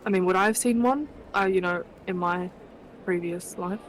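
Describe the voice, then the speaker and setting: A woman's voice: lowish voice, normal speed, a little hiss or hum, poor audio. A woman playing a tabletop game, asking curious questions about what her character can check. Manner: curious, asks rules questions. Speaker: player. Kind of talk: casual tabletop play.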